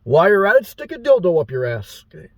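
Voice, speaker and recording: A man's voice: high-pitched, very animated, fast talker, dry recording. A man giving a rambling, blunt and profane monologue to his viewers as a motivational YouTuber.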